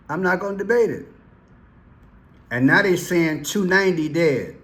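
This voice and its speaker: A man hosting a casual commentary vlog, excitable and repetitive as he points things out on screen. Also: on the high side, unhurried, pauses often. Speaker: vlog host.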